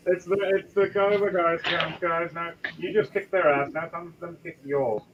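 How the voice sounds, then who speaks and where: A man narrating as game master of a tabletop game, chatty and halting with fillers. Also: on the high side, fairly even intonation, highs cut off, background noise. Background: music.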